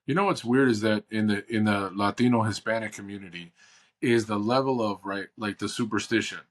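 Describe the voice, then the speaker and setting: A man from Chicago hosting a podcast, chatting in a relaxed, slangy, rambling way. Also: on the low side, fairly quick. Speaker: podcast host. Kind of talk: casual podcast chat.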